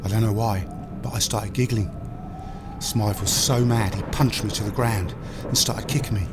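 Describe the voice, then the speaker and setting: A man's voice: lowish voice, steady tone, normal speed, noisy background, close to an everyday voice. An actor playing a dying old man who confesses a long-kept secret to his son in plain, blunt words. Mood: confessional. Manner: plain-spoken confessional storytelling. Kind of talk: audio drama storytelling. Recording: voice over music underscore. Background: music.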